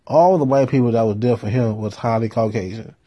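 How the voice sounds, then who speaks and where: A man telling a profane story in a laid-back way, with deadpan punchlines. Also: medium pitch, fairly quick, breathy edge, muffled recording. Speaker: storyteller host.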